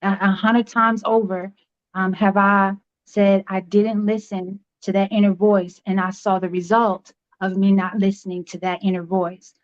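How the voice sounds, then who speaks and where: A woman's voice: mid-range voice, flat delivery, unhurried. A woman who is a grandmother appears as a guest author and entrepreneur. She gives earnest, emphatic advice in a mid-range voice. The audio is a little dull. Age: older.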